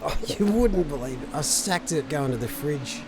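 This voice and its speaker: A man's voice: fairly high pitch, animated, moderate pace, background noise. A man giving casual live sim racing commentary, chatting to viewers and answering their messages.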